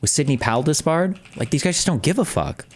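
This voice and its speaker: A man's voice: fairly high pitch, lively intonation, slight background noise. A man streaming, giving blunt, profane commentary while he reacts to a video. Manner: blunt, profane, rapid interjections. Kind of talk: casual live-stream commentary.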